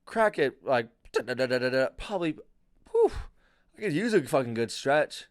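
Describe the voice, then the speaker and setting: A man's voice: mid-range voice, big pitch swings, moderate pace, no room sound, studio quality. A young man hosting a podcast alone, rambling in a crude, jokey way. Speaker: podcast host. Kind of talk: casual solo monologue.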